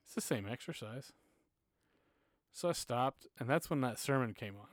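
A man's voice: mid-range voice, animated, moderate pace, no echo, studio quality. A man in his thirties, a church music minister, telling personal stories in a casual podcast chat, earnest and at times emotional.

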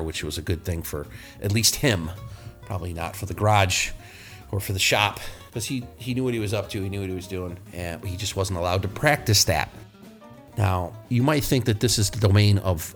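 A male podcast host who works as a mechanic, telling blunt, profane, rambling shop stories. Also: sits low. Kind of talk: casual podcast storytelling.

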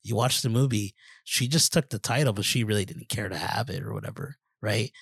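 A man's voice: fairly low pitch, fairly quick, gravelly, a bit bright, slightly rough, no room sound, studio quality. A man co-hosting a casual movie review podcast, rambling with many restarts and laughing often. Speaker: podcast co-host.

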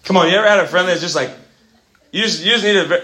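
A young man preaching an energetic sermon, animated and casual, swinging from quiet asides to shouting and calling listeners bro and man. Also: sits high, fast. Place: church gathering hall. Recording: echoey room.

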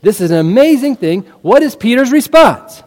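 A man preaching a sermon, telling the story in an animated way and throwing rhetorical questions at the congregation. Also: extremely high pitch, normal speed. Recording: long reverb of a large hall.

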